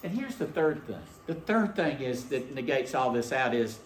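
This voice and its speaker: Male pastor, animated folksy storyteller, mid-pitched, reverberant church sound. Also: normal speed, slight background noise. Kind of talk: sermon. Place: church sanctuary.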